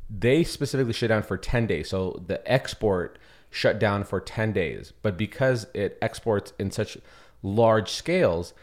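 A man co-hosting a podcast in an office, chatting casually in a rambling way with joking asides. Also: lowish voice. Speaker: podcast co-host. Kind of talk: casual chat.

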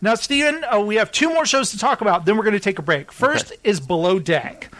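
A man hosting a casual chat show, recapping TV episodes with animated storytelling and acted-out quotes. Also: high-pitched, fast. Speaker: podcast host.

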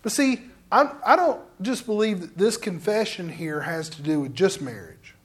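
A man's voice: high-pitched, lively intonation, normal speed, fairly bright tone. A man pastor preaching a sermon in a conversational, direct way to his congregation.

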